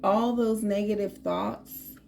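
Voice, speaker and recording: A woman's voice: mid-range voice, fairly even intonation, slow, vocal fry, darkish tone, slight background noise. A woman giving a casual tarot reading to her viewers, chatty and emphatic, laughing often. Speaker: tarot reader.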